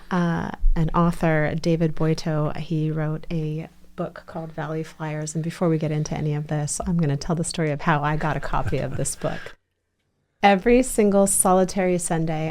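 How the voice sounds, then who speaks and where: A chatty podcast host, a woman with a somewhat low voice. She talks effusively in a casual chat and often starts her sentences over. Her phrasing is loose and conversational. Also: little pitch movement, normal speed, a little mellow.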